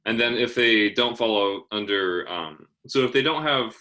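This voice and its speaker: A man's voice: fairly low pitch, normal speed, pushed and bright. A young man tutoring chemistry, asking guiding questions in a patient, casual way with frequent restarts.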